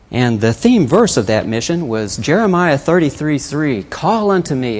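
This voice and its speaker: A middle-aged man telling a personal missions testimony with slides, acting out the voices he quotes. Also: mid-range voice.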